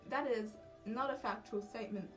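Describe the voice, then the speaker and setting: A young woman talks casually to a livestream audience at a moderate pace, her voice fairly high. She's a cosplay livestreamer who is self-mocking and easily sidetracked, heard through a distant mic over background music.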